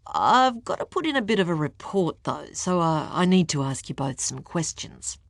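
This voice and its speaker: A woman voicing an easygoing grown man who speaks slowly and lower. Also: vocal fry, no room sound, clean studio sound, heavily acted. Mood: relaxed. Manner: relaxed, drawling, lower. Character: easygoing adult man, local officer.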